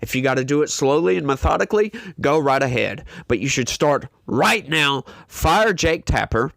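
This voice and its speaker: A man's voice: a little high, expressive, moderate pace, creaky, a bit bright, no room sound. A male commentary host ranting emphatically, exasperated and repeating himself as he rails against the news.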